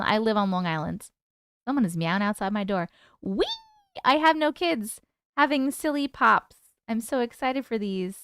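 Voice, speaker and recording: Bright, smooth-voiced woman chatting on a live stream. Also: high-pitched, dry recording, studio quality. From United Kingdom. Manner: chatty, reads out and answers viewer comments. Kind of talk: casual live-stream chat. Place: home.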